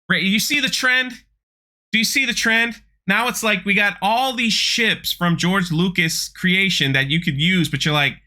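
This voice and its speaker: A man's voice: on the high side, unhurried, pushed and bright. A man hosting his channel, giving sarcastic, ranting commentary on a trailer with frequent restarts. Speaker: channel host.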